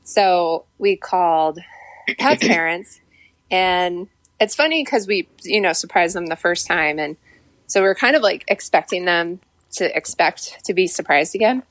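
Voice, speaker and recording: Lower-voiced woman, dry close mic. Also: a little slow, no echo. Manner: chatty storytelling, animated retelling. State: pregnant. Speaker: podcast co-host. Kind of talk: casual chat.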